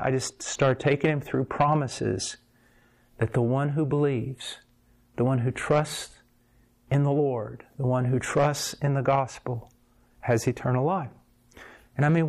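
A male preacher delivering a sermon, moving between plain narration and passionate bursts of intensity. His voice sits at a middle pitch, and his talk is conversational and full of feeling. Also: normal speed. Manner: animated storytelling with sudden surges of intensity. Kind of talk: sermon with personal story.

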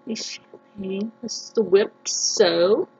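A woman gushing through a slow lo-fi unboxing. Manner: gushing, excitable, swings into high squeals over items. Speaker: vlogger. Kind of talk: casual unboxing vlog. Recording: dull lo-fi sound with clear background noise.

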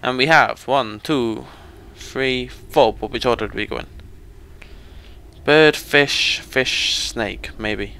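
A man's voice: mid-range voice, slow pace, bright, forceful tone, smooth. A young British man giving chatty, joking live commentary over a game he is playing. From Britain. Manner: chatty, joking, talks to the viewers. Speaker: let's play commentator.

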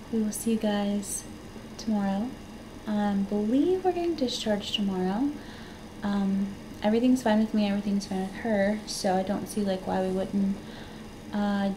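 A young woman and new mother talking casually to the camera in a hospital room, soft-spoken, rambling and emotional. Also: mid-range voice, a little hiss or hum.

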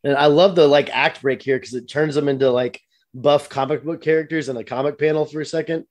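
A man's voice: on the high side, fairly even intonation, a little fast. A man co-hosting a podcast, tossing in joking asides and casual banter. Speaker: podcast co-host.

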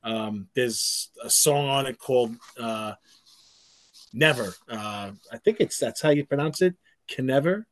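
A man's voice: medium pitch, moderate pace, hardly any pauses. Laid-back guest man, "man, you know". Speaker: podcast guest. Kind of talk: casual chat.

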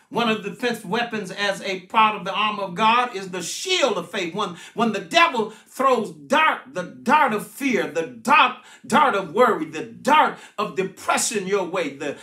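High-voiced older preacher in an echoing room. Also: male voice, sharp tone. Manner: emphatic preaching with repeated "watch this" and "listen" cues. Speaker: pastor. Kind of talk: sermon-style Bible study. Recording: roomy echoing sound.

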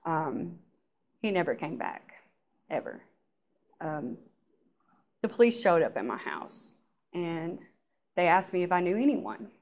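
A woman with a somewhat low voice shares her personal church testimony. She speaks haltingly and softly, and her sentences often trail off. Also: sing-song. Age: adult.

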